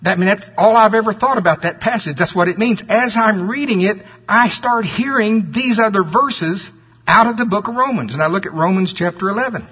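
A man preaches, his voice husky and somewhat high-pitched. He reads scripture slowly and leans hard on key words, then climbs in pitch when he makes a point. The recording is dull and lo-fi, like an old sermon tape.

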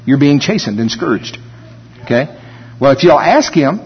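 A man preaching a sermon in an animated way, now and then mimicking whiny complaints in a high voice. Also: measured pace, slightly rough. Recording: dull recording with long hall reverb.

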